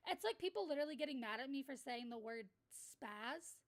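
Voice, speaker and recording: A woman's voice: high-pitched, animated, a little fast. A woman livestreamer in a casual rant, talking bluntly and heatedly, with plenty of swearing. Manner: blunt, profane, heated ranting.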